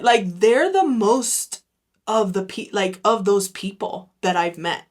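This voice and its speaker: A woman's voice: medium pitch, unhurried. A woman hosting her own podcast, talking through her views in a candid, reflective monologue full of "like.". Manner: candid and unfiltered, leans heavily on "like"; reflective, talks through her thoughts aloud. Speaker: podcast host. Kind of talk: casual solo podcast monologue.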